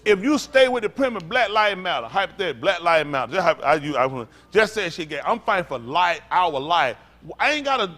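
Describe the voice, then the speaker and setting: A man's voice: high-pitched, fairly bright tone. A man preaching as a pastor in a blunt, profane, rambling informal sermon.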